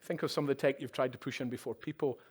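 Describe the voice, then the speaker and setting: A man's voice: medium pitch, steady tone, quick pace, breathy edge. Man giving a conversational keynote. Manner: conversational, with tag questions and wry asides. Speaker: keynote speaker. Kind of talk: conference keynote. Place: conference stage at a live event.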